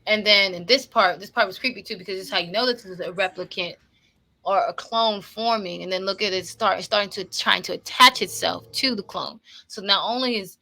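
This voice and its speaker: Brief: woman movie reactor, bright voice, loose and profane, repeats points. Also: medium pitch, brisk, gravelly. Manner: profane, repetitive, opinionated retelling. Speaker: movie commentator. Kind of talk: casual movie reaction commentary.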